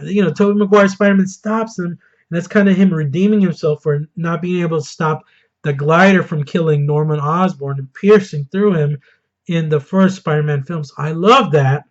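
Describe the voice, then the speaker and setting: A man giving a casual, excited film review, gushing and bursting into loud enthusiasm now and then. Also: high-pitched, dull audio. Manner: excited, gushing, quick swings into loud outbursts. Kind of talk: casual spoiler review monologue.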